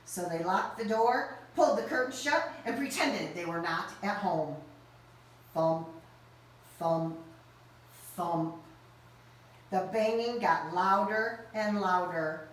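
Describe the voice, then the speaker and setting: A woman teacher reading a story aloud to children in an animated, expressive way and speaking directly to them. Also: medium pitch, slow, long pauses. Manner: animated and expressive, speaks straight to young listeners. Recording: roomy echo, mic at a distance.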